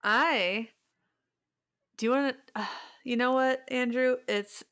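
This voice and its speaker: Young woman podcast cohost, smooth clear voice, teasing, laughs a lot, dry mic. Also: high-pitched, fairly even intonation, slow, fairly bright tone, no echo. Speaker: podcast co-host and editor. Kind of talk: casual chat.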